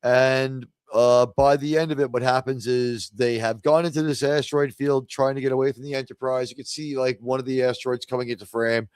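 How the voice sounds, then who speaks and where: A man's voice: medium pitch, steady tone, fairly quick, few pauses, clean tone, dry recording. Man, livestream host, rambling casual chat, dry close sound. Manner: rambling, many fillers and restarts. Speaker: podcast host.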